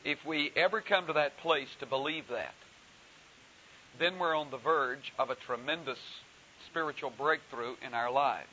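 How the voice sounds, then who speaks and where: A man preaching a sermon, telling a story slowly and deliberately with frequent pauses. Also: a little high, sharp tone. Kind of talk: sermon with anecdote. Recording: dull hissy recording.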